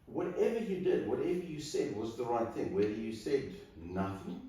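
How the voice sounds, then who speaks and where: A man's voice: mid-range voice, sing-song, moderate pace, dark tone. Earnest celebrant man in an echoey room. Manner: earnest, coaching, addresses the couple directly. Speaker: wedding celebrant. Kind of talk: pre-wedding counseling talk to a couple. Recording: echoey room, distant mic, faint noise.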